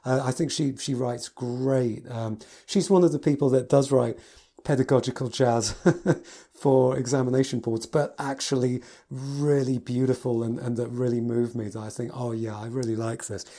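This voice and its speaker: Male piano teacher, casual review from notes, mellow voice, enthusiastic. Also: medium pitch, steady tone, moderate pace. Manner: enthusiastic, gushing with adjectives.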